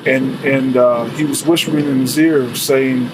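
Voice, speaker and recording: A man's voice: mid-range voice, fairly even intonation, unhurried. Rambling man telling a true story. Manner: loose, rambling, many "you know" fillers, swears freely. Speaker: storyteller, former corrections officer. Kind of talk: casual spoken true story. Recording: faint rain and room noise behind.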